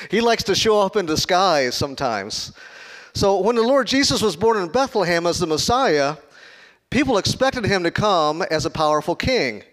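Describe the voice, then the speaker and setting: A pastor from Chicago giving a conversational sermon, joking and asking the congregation questions. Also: male voice, a little high, fairly bright tone. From Chicago, United States.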